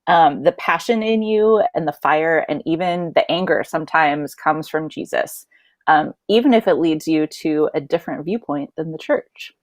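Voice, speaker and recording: A low-voiced woman teacher offers a sincere blessing, pausing often with ums as she goes. The sound is dry and close. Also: no room sound. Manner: halting, many ums, sincere. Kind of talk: heartfelt blessing speech.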